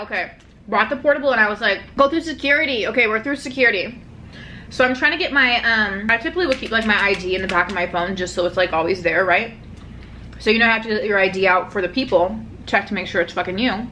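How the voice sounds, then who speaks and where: A woman vlogger telling a story in a chatty, animated way, with lots of swearing and fillers, talking in a hotel room. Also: medium pitch, slight background noise. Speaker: mukbang vlogger. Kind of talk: casual storytelling vlog.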